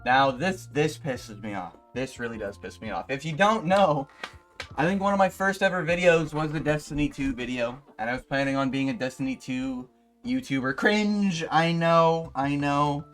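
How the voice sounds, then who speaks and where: A young man YouTuber ranting in a profane, exasperated way, with sudden loud outbursts. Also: medium pitch, normal speed, faint music behind. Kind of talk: ranting commentary video.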